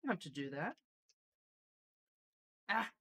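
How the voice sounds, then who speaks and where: A woman hosting a casual stream, chatting quickly and reading out viewer messages. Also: on the low side, very animated, fairly bright tone, slightly rough. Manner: quick, bubbly, reads chat messages aloud. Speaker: streamer and host. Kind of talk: casual chat while reading live chat.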